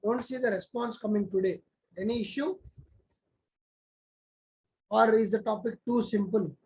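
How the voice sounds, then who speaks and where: A man's voice: sits high, unhurried, a little mellow, rough recording. A man teaching an online class, talking conversationally and calling on students by name.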